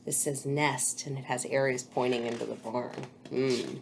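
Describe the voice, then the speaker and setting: A woman's voice: very deep voice, steady tone, moderate pace, vocal fry, very noisy. A woman, a teacher, reading a picture book aloud to children and adding chatty asides.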